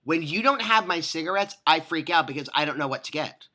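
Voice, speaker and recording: An adult vlogger telling a rambling, animated personal story and ranting at length, with frequent profanity and restarts. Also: mid-range voice, fairly quick.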